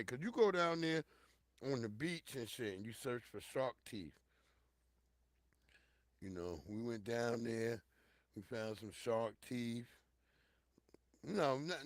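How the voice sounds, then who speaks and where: A middle-aged man hosting a show, telling a personal story in a casual, profane monologue, talking straight to his listeners and swinging from loud outbursts to hushed low tones. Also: no room sound, clean studio sound. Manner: addresses listeners directly and repeatedly.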